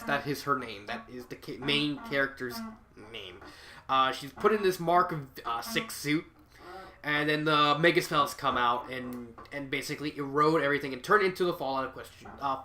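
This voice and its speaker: A man's voice: a little high, pushed and bright, a little hiss or hum. Stuffy young man reviewing fan fiction. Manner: rambling, self-correcting, frequent restarts. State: stuffy head cold. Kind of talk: casual spoken review.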